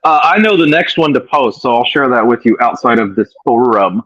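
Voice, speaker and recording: A man's voice: mid-range voice, lively intonation, brisk, a bit bright, dull audio. A man co-hosting a live stream over a video call, joking and teasing. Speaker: co-host. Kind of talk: casual live-stream chat.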